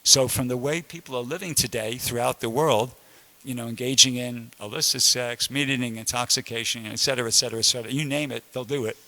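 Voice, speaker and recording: A man's voice: mid-range voice, fairly even intonation, quick pace, bright, forceful tone. A man giving a conversational sermon-style class in a temple room, with frequent restarts and emphatic asides.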